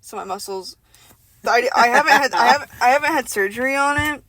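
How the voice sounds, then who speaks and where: A woman's voice: sits high, a little fast, crowd noise. A woman podcast co-host chatting casually and profanely in a parked car, rambling with restarts. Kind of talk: casual chat.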